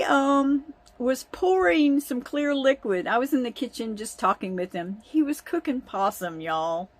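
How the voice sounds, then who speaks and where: Slow-talking woman telling family stories. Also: a little high. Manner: chatty, laughing, drawn-out. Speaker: vlogger. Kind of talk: casual storytelling.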